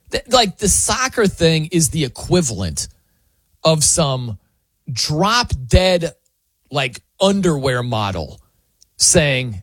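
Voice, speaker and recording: Male sports radio host, animated storyteller with a swooping delivery, dry studio sound. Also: medium pitch, husky, no echo. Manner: animated, chatty, laughs often. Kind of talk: casual sports talk monologue.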